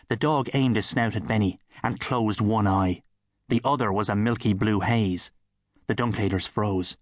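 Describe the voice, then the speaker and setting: A man with an Irish accent narrating a children's audiobook in a wry, lively way. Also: fairly low pitch, normal speed, dry recording, studio quality.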